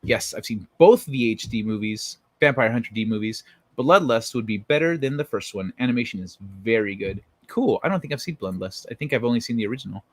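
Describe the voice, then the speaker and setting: A man's voice: medium pitch, animated, brisk, dry recording. A man live-streaming, chatting casually with viewers and telling stories in a rambling, profane way.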